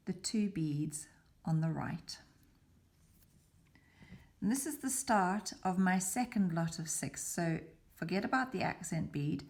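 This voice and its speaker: Patient low-voiced woman teaching beadwork. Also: a little mellow. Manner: patient, methodical, slipping into a whisper while concentrating. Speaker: beading tutor. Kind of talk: step-by-step craft demonstration.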